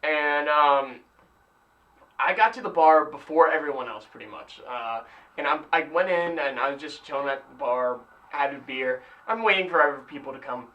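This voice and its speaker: A man's voice: on the high side, moderate pace, bright, forceful tone, distant mic, lo-fi sound. A man in his twenties, a podcast co-host, telling a laid-back story with lots of fillers. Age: 20s. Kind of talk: casual chat.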